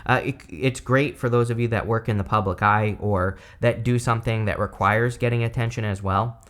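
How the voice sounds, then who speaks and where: A man's voice: lowish voice, steady tone, moderate pace, a bit bright. A man giving a casual tarot reading, chatty and rambling with many fillers, who has the hiccups. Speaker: tarot reader.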